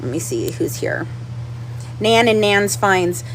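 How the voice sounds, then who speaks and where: A woman's voice: medium pitch, animated, takes it slowly, heavy background noise. A woman hosting a casual livestream. She talks straight to the viewers in the chat, repeats herself a lot and sounds upset and restless. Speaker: livestream host.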